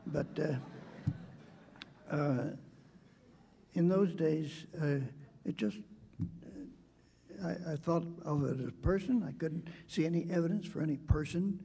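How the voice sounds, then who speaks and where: An older man giving a debate speech, telling a childhood story in a measured, hesitant way with frequent pauses. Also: fairly high pitch, creaky, mellow, slightly rough, long reverb tail.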